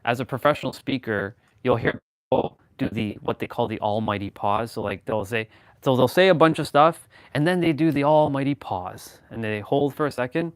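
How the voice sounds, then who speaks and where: A man's voice: medium pitch, normal speed, dry recording. Rambling man chatting casually. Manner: rambling, animated, many fillers and restarts. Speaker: host. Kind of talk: casual chat.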